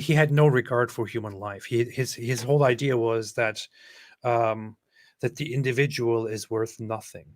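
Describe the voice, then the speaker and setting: Man, livestream co-host, soft-spoken, hesitant, chuckling, mid-pitched, dry close sound. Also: no room sound. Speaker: livestream co-host reading viewer chats. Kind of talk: casual livestream chat.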